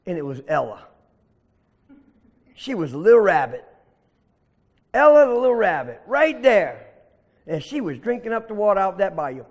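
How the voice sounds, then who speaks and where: A man telling a story live to children, animated and asking the audience questions. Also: sits high, normal speed, long pauses. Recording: echoey hall reverb.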